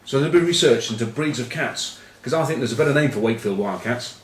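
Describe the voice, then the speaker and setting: A man hosting a rugby news show in a loose, rambling way, deadpan and irreverent. His mid-pitched voice sounds roomy, heard from some distance off the mic. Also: fast. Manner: rambling, deadpan and irreverent, many fillers and asides. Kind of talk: informal comedic news vlog.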